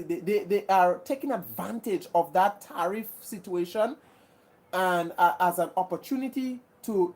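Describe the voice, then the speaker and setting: A woman's voice: mid-range voice, mellow. A woman from Grenada hosting a live chat, reading viewer comments and talking earnestly with many repeats and restarts. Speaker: livestream host.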